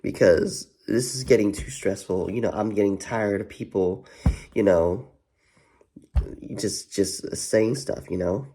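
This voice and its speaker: A man's voice: lowish voice, unhurried, dark tone, breathy edge. A man vlogging in a rambling, profane way, full of "you know what" fillers and repeats. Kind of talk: casual rambling commentary.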